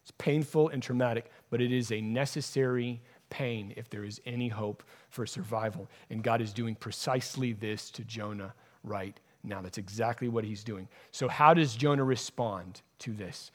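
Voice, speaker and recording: A man's voice: medium pitch, moderate pace. Emphatic male preacher in a sermon. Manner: emphatic, repeats key phrases for stress. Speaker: pastor.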